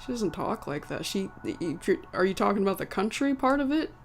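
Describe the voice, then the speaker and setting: A woman with a mid-range, sing-song voice and a slight American country accent chats briskly with her live-stream audience. She rambles, corrects herself and chuckles along the way. Faint music plays behind her, with a little background noise.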